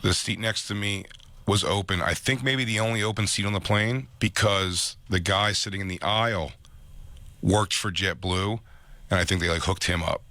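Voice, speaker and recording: Low-voiced man, dry studio sound. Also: steady tone, moderate pace, bright, forceful tone, no echo. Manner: profane, rambling storyteller. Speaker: radio show host and comedian. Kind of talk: casual chat, telling a travel story.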